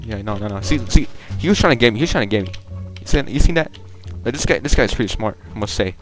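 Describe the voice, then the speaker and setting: A young man giving casual, profane, joking commentary while playing a game online, rambling and bursting into loud excitement. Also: fairly low pitch, fast talker, over music. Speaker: gaming video creator.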